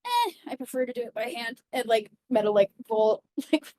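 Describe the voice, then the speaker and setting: A woman's voice: fairly high pitch, very animated, normal speed, warm tone, a little hiss or hum. Giggly young woman tabletop player. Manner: giggly, chatty, narrates her character's actions. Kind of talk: tabletop role-play, in and out of character.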